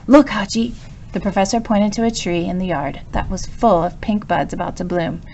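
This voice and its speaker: A woman's voice: fairly low pitch, a little fast, a little mellow, highs cut off, slight background noise. Woman reading a storybook aloud. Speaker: storybook reader. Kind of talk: read-aloud storybook narration.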